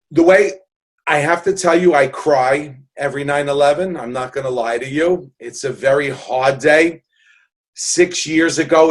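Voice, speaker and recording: A man in his sixties from New York City, telling stories in an interview in an earnest, joking way with many restarts. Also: a little high. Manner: earnest, jokey, rambling with restarts. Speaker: guest. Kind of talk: casual interview storytelling.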